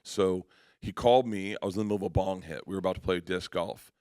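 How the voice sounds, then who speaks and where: A comedian telling rambling anecdotes in a radio interview, acting out other people's voices and laughing along. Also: male voice, sits low, fairly even intonation, fast talker, darkish tone, no echo, clean studio sound. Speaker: comedian guest.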